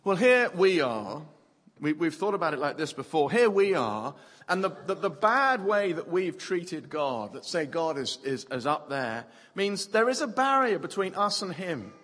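Lively husky male preacher in a hall. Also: on the high side, a little slow. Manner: lively, playful, uses props, repeats words. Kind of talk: sermon for a family audience. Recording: long hall reverb.

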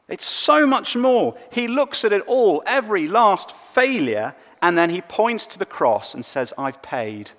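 A man preaching a sermon, swinging between loud emphatic lines and hushed low ones. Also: long reverb tail. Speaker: pastor.

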